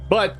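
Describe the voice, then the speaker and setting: A man's voice: extremely high pitch, fairly bright tone. A man running a tabletop game as game master, narrating scenes and laughing often.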